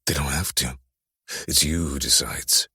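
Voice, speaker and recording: A man voicing a brooding, tattooed young man who is possessive and menacing, speaking in a low, teasing murmur for an audiobook. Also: unhurried, sharp tone, no room sound, studio quality, full character voice. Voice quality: very deep, gravelly, husky. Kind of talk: audiobook dark romance voice acting.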